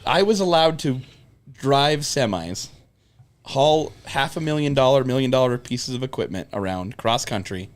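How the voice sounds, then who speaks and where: A man's voice: medium pitch, normal speed. A young man on a podcast telling road stories in casual chat, cursing freely and acting out what people said. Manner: animated storyteller, swears freely, acts out quotes. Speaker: podcast co-host.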